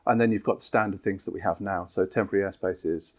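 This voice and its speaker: A man, an app developer, calmly explaining new features in an interview. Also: deep voice, quick pace. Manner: steady, explanatory, with fillers.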